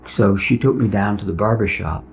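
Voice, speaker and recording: A middle-aged veteran tells his personal story earnestly, acting out the dialogue as he goes. His voice is fairly low with vocal fry, and he speaks at a moderate pace. The dull lo-fi recording has soft music in the background.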